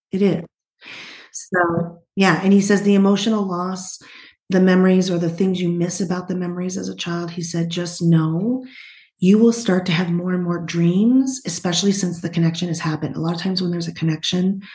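A woman psychic medium talking casually on a podcast, warm and animated, relaying messages in quotes and sometimes dropping to a whisper. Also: fairly low pitch, reverberant.

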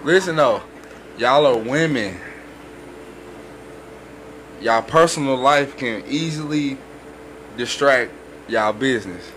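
A man's voice: medium pitch, lively intonation, slow pace, pauses often, a bit bright, slight background noise, low-quality recording. A man, a guest on a casual podcast, giving blunt advice and repeating "listen" to hold the floor. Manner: insistent, repeats "listen", profane.

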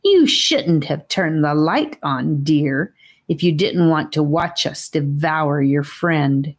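A cruel female snake giggles and gloats over her prey in a low, slow, unhurried storybook voice, as a woman reads her. The menace is playful and savage at once. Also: lively intonation, heavily acted. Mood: gloating. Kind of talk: audiobook character voice.

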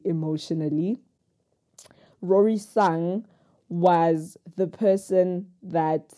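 A woman's voice: on the low side, dark tone. A young woman talking frankly in a personal vlog, rambling from thought to thought with self-mocking humor. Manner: rambling, jumps between thoughts. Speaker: vlogger. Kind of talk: candid confessional vlog talk.

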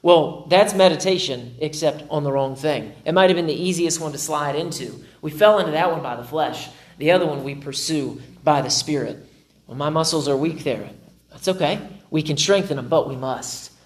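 Preaching to a live congregation, the male pastor talks at a moderate pace in a fairly high voice with hardly any pauses. Animated throughout, he keeps dramatizing his own inner dialogue and joking at his own expense.

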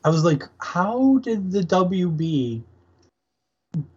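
A man's voice: high voice, very animated, slow pace. A man co-hosting a casual recap podcast, laid-back, agreeing often and cracking crude jokes. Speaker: podcast co-host. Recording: dull lo-fi sound.

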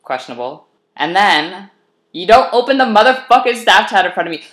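A woman in casual podcast chat, telling a personal story in an animated way, swearing freely and often breaking into laughter. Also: mid-range voice, a little fast. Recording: echoey room.

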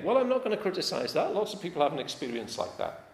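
Male preacher, animated, conversational and emphatic, recorded in a reverberant hall. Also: a little high, fast. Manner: conversational, questioning the congregation, emphatic. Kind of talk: sermon. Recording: echoey hall, faint ambience.

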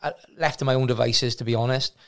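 Middle-aged man, gym-owner guest; rapid, gravelly, frank, full of restarts. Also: mid-range voice, steady tone. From South Wales. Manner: rambling, frank, with many restarts. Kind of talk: casual storytelling interview.

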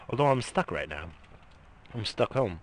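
A man's voice: on the low side, sharp tone, slight background noise. A middle-aged man in a casual, rambling monologue, swearing freely and coughing between lines. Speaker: vlogger.

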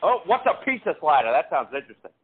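A man's voice: on the high side, big pitch swings, fast, breathy edge. Rambling man on a tinny phone line. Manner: rambling and hesitant, full of fillers. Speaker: prank caller. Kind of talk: phone prank call.

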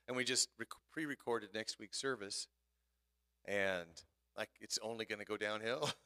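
A tired man trades dry, playful jokes during a church service. His voice sits low, with a bright, forceful edge, and it is recorded close and dry. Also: moderate pace, clear, resonant tone, dry recording. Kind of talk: casual church-service banter.

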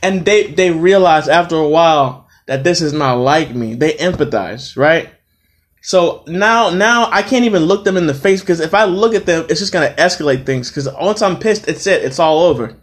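A man with a slightly high voice hosts his own podcast. He tells a story in a casual, profane and animated way. He sounds worn out after a long day. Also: moderate pace. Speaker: podcast host.

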